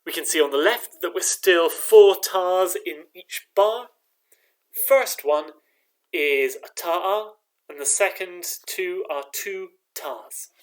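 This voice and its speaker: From his living room, a male choir director runs an online rehearsal, chanting rhythm syllables, counting the singers in, and cheering them on. His voice sits high and he speaks slowly.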